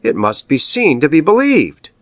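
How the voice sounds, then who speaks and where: A cool, wealthy count speaks with polite, measured irony, as a man reads him. His voice moves lively in pitch, recorded dry and close. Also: dry recording. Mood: ironic.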